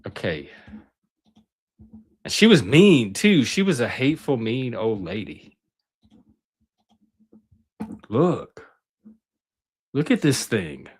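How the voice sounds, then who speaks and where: A man's voice: mid-range voice, very animated, slow, long pauses, breathy edge. A middle-aged man hosting his channel, reminiscing in a chatty, rambling way that often breaks off mid-sentence. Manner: rambling, self-interrupting, chatty. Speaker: channel host. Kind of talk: casual reminiscing monologue.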